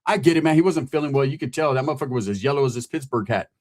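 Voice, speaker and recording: A man's voice: medium pitch, animated, racing, darkish tone. A man from California telling a rambling, profane street story in casual talk, acting out the other people in it.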